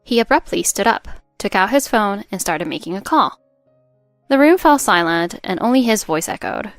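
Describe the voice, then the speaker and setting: A woman giving a calm, measured first-person narration of a scripted family drama story. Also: medium pitch, no echo, soft background music.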